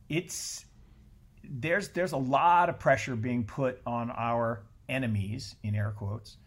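Blunt, animated middle-aged man. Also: medium pitch. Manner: animated, blunt, swears freely, frequent restarts. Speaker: podcast guest. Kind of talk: casual conversation.

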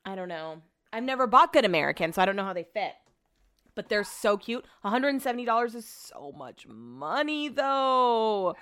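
Smooth-voiced chatty woman telling stories. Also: mid-range voice, sing-song, normal speed, a bit bright, dry recording. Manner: chatty, retells conversations with lots of "I was like"; blunt, swears casually. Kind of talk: casual storytelling monologue.

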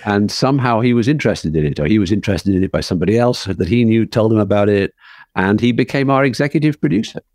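Lively low-voiced man telling stories. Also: fast talker, dry recording, studio quality. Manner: lively storyteller who acts out the people in his anecdotes. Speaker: film writer-director, guest. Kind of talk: anecdotal storytelling in conversation.

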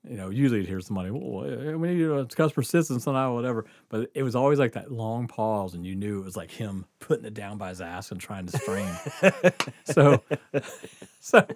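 A man's voice: fairly low pitch, lively intonation, brisk. A man telling a story in a casual podcast chat, profane, often laughing and saying "dude".

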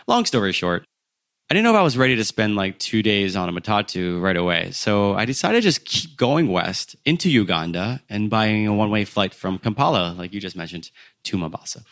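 A man in his thirties from the United States, a podcast guest telling stories in an animated way and laughing at his own stories. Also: on the low side, dry recording, clean studio sound. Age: 30s. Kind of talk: casual storytelling.

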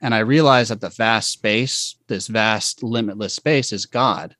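A man telling a personal faith story in conversation, speaking haltingly and reflectively with many restarts. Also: lowish voice, sharp tone, no room sound.

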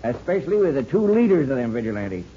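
An actor playing a sly, smooth-talking outlaw with a folksy western drawl, in a 1950s radio drama. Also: male voice, mid-range voice, big pitch swings, fast, a little hiss or hum, close to an everyday voice. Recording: dull lo-fi old radio broadcast.

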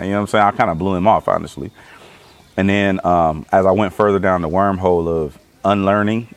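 A man from Los Angeles telling stories casually as an interview guest, animated and profane, acting out his own reactions. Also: sits low, a little fast. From Los Angeles, California. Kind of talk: casual conversational storytelling.

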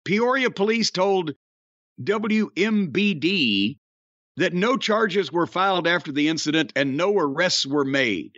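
A man's voice: high voice, expressive, measured pace, a bit bright, no room sound, muffled recording. A man hosting a podcast, telling stories in a profane, laughing, casual chat. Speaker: podcast host.

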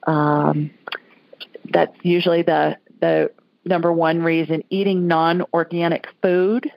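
A woman's voice: fairly low pitch, flat delivery, slow pace, creaky, dry recording, lo-fi sound. A woman from Alabama hosting a call-in radio show, talking in a chatty, folksy way. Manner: chatty, folksy, laughs easily. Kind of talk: casual call-in chat.

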